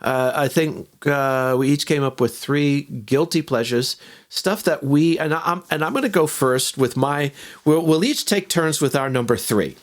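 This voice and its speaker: Higher-voiced older man in casual chat. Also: unhurried. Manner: rambling, with many restarts and fillers. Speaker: podcast co-host.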